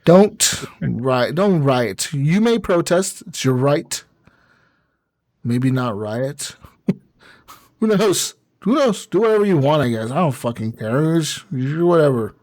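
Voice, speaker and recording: A man's voice: a little high, animated, slow pace, darkish tone, no room sound. A man hosting a casual gaming podcast, rambling, laughing often and swearing a lot. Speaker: podcast host. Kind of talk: casual chat.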